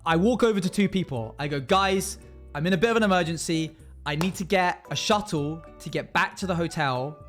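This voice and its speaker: Animated storytelling man, higher voice. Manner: animated, acts out the other people in his story. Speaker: streamer. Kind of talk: casual storytelling to a live chat.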